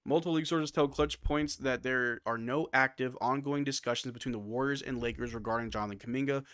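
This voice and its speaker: A man calls a basketball game for his stream audience in a loose, casual way, reading off stats and answering chat between plays. His voice sits at a middle pitch and sounds dry and close to the mic. He sounds a bit sleepy. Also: fast, smooth, no echo. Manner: relaxed, reads stats and replies to chat. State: yawning, sleepy. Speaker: live stream watch-along host. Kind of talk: casual play-by-play commentary with chat.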